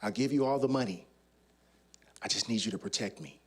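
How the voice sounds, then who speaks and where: A man's voice: fairly low pitch, brisk, slightly rough, voice pushed down. A man voicing a weary young woman who pleads with him for protection on the street. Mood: pleading.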